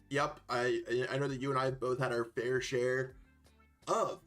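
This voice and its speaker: Male co-caster, mid pitch, relaxed and sleepy, rambling chat, faint music. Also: takes it slowly. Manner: relaxed, sleepy, chatty with hesitations. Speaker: esports co-caster. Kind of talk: casual game commentary.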